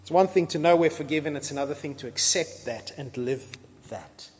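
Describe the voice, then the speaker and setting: A man preaching a sermon as pastor, lively and conversational, acting out scripture scenes in casual voices. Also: fairly high pitch, a little fast. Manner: lively, acts out biblical dialogue in casual voices. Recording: long reverb of a large hall.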